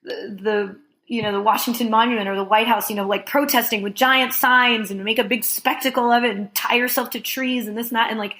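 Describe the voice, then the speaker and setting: A woman in her thirties speaks as a podcast guest, her voice slightly high. She tells a long story in a casual, animated way, breaking into laughter and filling her talk with "like.". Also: fairly quick. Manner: animated, laughing, heavy use of "like".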